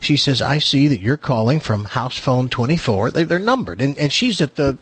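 A man's voice: mid-range voice, normal speed, slightly rough, no room sound. An older man telling a story in casual chat, acting out the voices of the people in it. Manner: animated, acts out voices in his anecdotes. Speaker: show regular telling a story.

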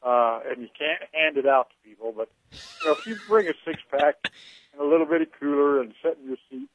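A man's voice: fairly high pitch, huge pitch swings, a little fast, slight background noise. A man calling into a radio show, talking in a rambling, hesitant way with many fillers. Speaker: caller, train conductor. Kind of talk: phone-in chat. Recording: dry, tinny phone line.

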